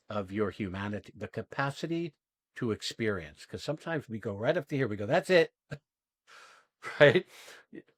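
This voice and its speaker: An acting coach leads actors through an exercise in a class demo, speaking emphatically and bluntly and swearing freely. His voice is mid-range, with no echo.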